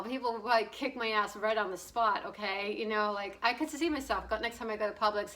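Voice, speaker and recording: A woman's voice: medium pitch, fairly quick, hardly any pauses, bright, forceful tone, poor audio. A middle-aged woman giving a casual opinion monologue, blunt and rambling, swearing and laughing often. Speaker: political commentator.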